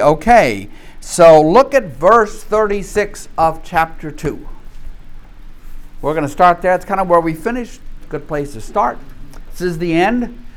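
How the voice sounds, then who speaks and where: This man from North Louisiana leads a Bible study conversationally, checking in with the group often and telling stories with animation. His voice sits high, and he comes across as a lively storyteller.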